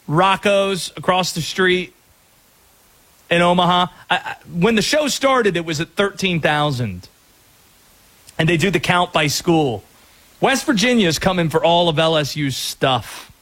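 A man's voice: high voice, a bit bright. A man hosting a sports radio talk show, upbeat and joking with callers. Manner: upbeat, joking, laughs easily.

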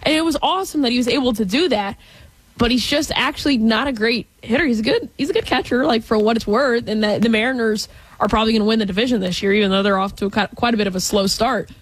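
A woman's voice: a little high, fast, husky, no echo, poor audio. A woman co-hosting a sports talk show, giving blunt opinions on players. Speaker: sports radio co-host.

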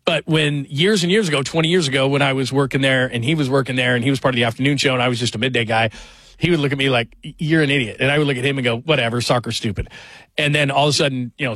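With no echo on the recording, this forties-aged man speaks at a medium pitch while hosting his radio show. His casual storytelling wanders and pokes fun at himself, full of animation.

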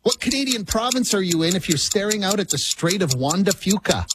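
A man hosts a quiz segment on the radio with a brisk, teasing quizmaster manner. His voice sits high, and there is steady noise behind it. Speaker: radio show host. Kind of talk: radio quiz show hosting.

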